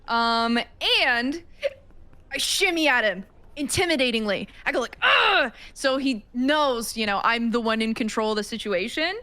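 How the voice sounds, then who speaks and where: A woman's voice: on the high side, fairly bright tone, smooth. A woman playing a tabletop game casually, laid-back and giggly, hesitating with fillers. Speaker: player.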